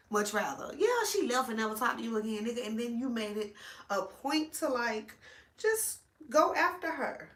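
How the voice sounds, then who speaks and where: A woman's voice: fairly high pitch, normal speed. Blunt, profane woman chatting in an echoey room. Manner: animated, blunt and profane, lots of slang. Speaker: vlogger. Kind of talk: casual chat while braiding hair.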